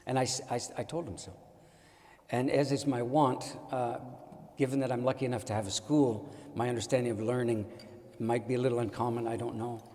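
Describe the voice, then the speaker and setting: An older man who teaches at his own school tells a reflective story in a wry, deliberate, digressive way. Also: medium pitch, steady tone, a little mellow, long reverb tail.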